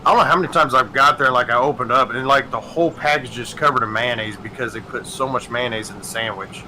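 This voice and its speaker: A man's voice: medium pitch, quick pace, slight background noise, low-quality recording. A man hosting a gaming stream, telling stories in a profane, ranting casual chat. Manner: ranting, profane, animated storytelling.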